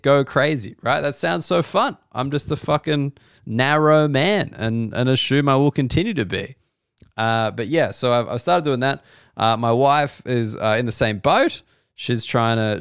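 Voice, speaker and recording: An Australian comedian hosting a solo podcast, telling loose, profane stories with mock-excited outbursts. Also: male voice, mid-range voice, clear, resonant tone, dry recording, studio quality. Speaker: comedian host.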